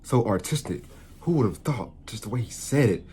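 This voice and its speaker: A man's voice: fairly low pitch, moderate pace, breathy edge. A man hosting a reaction video, ranting casually and animatedly in heavy slang. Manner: animated slangy rants, constant "bro". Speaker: YouTube reaction host.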